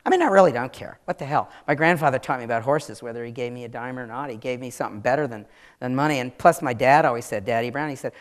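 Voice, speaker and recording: A woman's voice: extremely low pitch, fast. A woman from Maryland with a Southern American accent, answering audience questions at a live author event in a chatty, frank way. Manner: chatty, frank, laughs easily. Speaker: author interviewee. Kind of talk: public Q&A answers.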